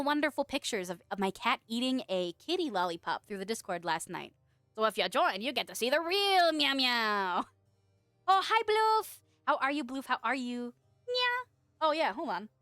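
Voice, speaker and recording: Streaming live, a young woman reads out her chat and talks casually with viewers, laughing in a giggly, playful way throughout. Her voice sits on the high side with a fairly bright tone, recorded dry over faint background music.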